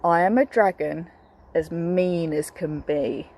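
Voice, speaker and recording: A woman voicing a mean, hungry male dragon in a storybook read-aloud, speaking slowly and low. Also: darkish tone. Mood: menacing.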